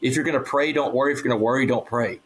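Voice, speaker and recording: A man's voice: medium pitch, very fast, low-quality recording. Man telling a personal story earnestly. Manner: earnest, animated storytelling with quoted dialogue. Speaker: guest speaker. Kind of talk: storytelling interview.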